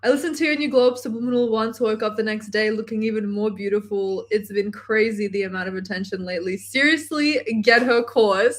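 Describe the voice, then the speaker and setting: A woman manifestation coach on a live stream, reading chat comments aloud in an animated, gushing way and swearing casually from her home workspace. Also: mid-range voice, fairly quick, few pauses, slight background noise.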